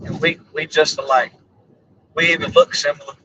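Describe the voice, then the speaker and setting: A man's voice: a little high, fairly even intonation, normal speed, pushed and bright, distant mic, slight background noise, poor audio. A middle-aged man, chatting loosely on a live stream from a vehicle, his voice worn and giving out. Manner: joking, goofy, self-mocking. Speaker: storm chaser streaming live. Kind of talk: casual rambling live-stream chat. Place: inside a vehicle.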